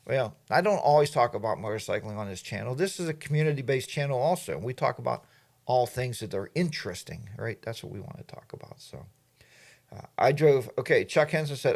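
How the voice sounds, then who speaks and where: A man's voice: mid-range voice, animated, a little fast. A man hosting a casual livestream, reading viewer comments and rambling off topic. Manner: rambling, admits he goes off topic. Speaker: livestream host.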